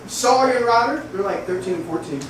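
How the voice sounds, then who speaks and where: A man's voice: sits high, animated, fast talker, background noise. A man performing stand-up, asking the crowd questions and laughing at his own lines. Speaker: stand-up comedian. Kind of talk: stand-up set recording. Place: comedy club stage. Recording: echoey club from far off.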